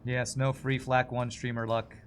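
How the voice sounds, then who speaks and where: A man commentating his own live gameplay in a relaxed, chatty way. He swears freely and laughs easily as the run goes on. Soft game music plays quietly underneath, and his voice sits at an ordinary, average pitch. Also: moderate pace. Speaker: streamer.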